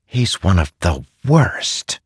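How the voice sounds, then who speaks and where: A man voicing a playful, sharp-tongued female spirit companion, speaking in a teasing, wry way. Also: low-pitched, big pitch swings, takes it slowly, slightly rough, no echo, studio quality, voice pushed up, heavily acted.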